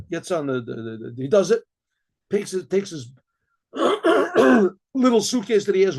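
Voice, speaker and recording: A middle-aged man narrates a story in a gravelly, slightly high voice. He often clears his throat and stumbles over repeated words as he goes. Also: darkish tone. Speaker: storyteller rabbi.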